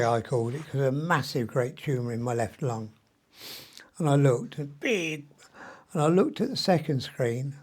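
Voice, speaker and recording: An older man in his seventies talks through a meandering video diary, full of ums and the odd mild curse. His voice sits at an ordinary middle pitch. He sounds worn out and short of breath, like someone still recovering from illness. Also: a little mellow, breathy edge. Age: 70s. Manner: chatty, meandering, mild swearing, frequent ums. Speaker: vlogger. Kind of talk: rambling personal video diary.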